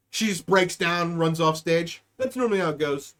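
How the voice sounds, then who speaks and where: A young-adult podcast host ranting sarcastically and profanely on a live stream, swinging between loud outbursts and mutters. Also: mid-range voice, animated, normal speed.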